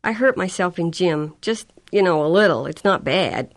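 An anxious, earnest young girl in a storybook reading, put on by a woman narrator. The voice sits slightly higher and softer than the reading voice, yet stays fairly low overall. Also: expressive, normal speed. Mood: nervous.

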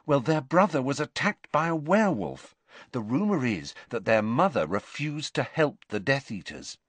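A man voicing a brisk, earnest, clever teenage schoolgirl in a storybook reading. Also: mid-range voice, sing-song, no room sound, voice pushed up.

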